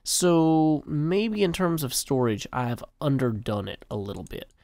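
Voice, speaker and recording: A man's voice: fairly high pitch, very animated, unhurried, darkish tone, no room sound, studio quality. A man in his forties giving casual, rambling, self-mocking gameplay commentary. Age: 40s. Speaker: game video host.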